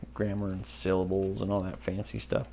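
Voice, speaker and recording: Low gravelly-voiced man rambling on a podcast. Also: monotone, brisk, warm tone, lo-fi sound, slight background noise. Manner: rambling, self-mocking, offhand. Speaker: podcast host. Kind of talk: rambling solo podcast chat.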